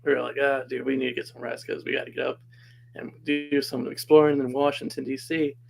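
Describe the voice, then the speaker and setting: A man's voice: mid-range voice, little pitch movement, fairly quick, gravelly, a little hiss or hum, rough recording. A man casually telling a personal story as a podcast guest, chatty and laughing often.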